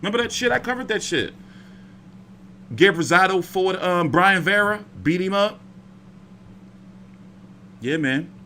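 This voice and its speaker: This boxing commentator's voice sits high, and he chats unhurriedly with long pauses on his casual home stream. He still rambles and curses freely in an animated way, over slight background noise.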